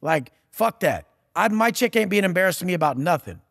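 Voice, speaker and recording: A man's voice: high-pitched, big pitch swings, fairly quick, vocal fry, a bit bright, dry recording, clean studio sound, big-room sound. Aggressive, profane man ranting. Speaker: podcast guest. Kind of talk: profane motivational rant.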